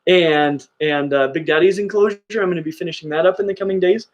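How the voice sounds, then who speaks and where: A man's voice: on the high side, quick pace, dull audio. Enthusiastic man hosting a reptile livestream. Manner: enthusiastic, gushing. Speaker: reptile channel host. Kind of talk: casual livestream chat.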